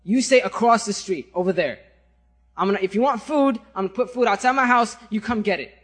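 A man's voice: sits high, brisk, a bit bright. A man voicing a pious male hermit who answers in a reluctant, defensive way.

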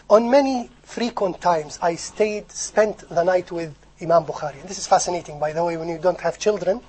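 Husky guy preaching, gets loud then goes soft, acts out quotes, throws in some arabic. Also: high-pitched, low-quality recording. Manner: animated, swinging between loud emphasis and soft asides. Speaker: Islamic preacher. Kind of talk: sermon on hadith scholars.

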